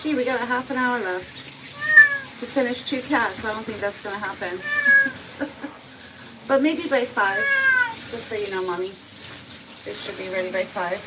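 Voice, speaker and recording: A woman's voice: medium pitch, animated, normal speed, pauses often. A woman cat groomer giving a live grooming demonstration, talking to the cat in playful sing-song baby talk. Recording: loud background noise.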